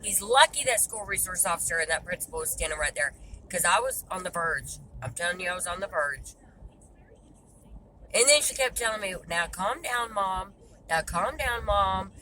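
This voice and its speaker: A woman's voice: on the low side, expressive, brisk, sharp tone, slight background noise, poor audio. A woman, venting to camera in a blunt, exasperated way and swearing freely. She sounds frustrated. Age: 30s. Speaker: vlogger and mother.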